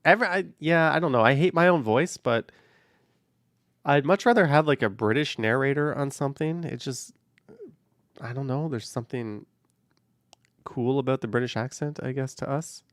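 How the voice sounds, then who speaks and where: A man's voice: mid-range voice, moderate pace, long pauses, dry recording, clean studio sound. A man hosting a casual livestream from a car while driving, reading viewer comments in an offhand, rambling way. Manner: offhand, rambling, hedges with "I don't know". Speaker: livestream host. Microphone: camera on a car mount.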